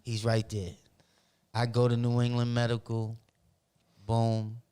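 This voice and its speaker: A man spins long, animated stories from his youth. He talks in casual street slang, full of profanity. His voice sits at a middle pitch for a man. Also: takes it slowly, heavy background noise. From Roxbury, Boston. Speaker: podcast guest. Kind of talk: casual storytelling.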